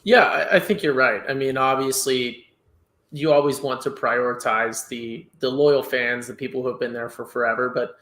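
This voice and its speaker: A man co-hosting a sports podcast, explaining things in a measured way with "uh" and "you know" fillers, a bit tired after a long day. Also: mid-range voice, fairly even intonation, fairly bright tone. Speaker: podcast co-host. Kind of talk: casual sports podcast chat. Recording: roomy echo.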